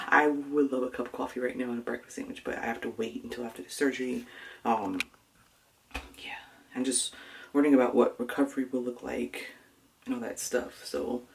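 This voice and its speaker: A woman talking softly and hesitantly in a casual personal vlog, with many fillers and pauses. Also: very deep voice. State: nervous, close to tears before surgery. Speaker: vlogger.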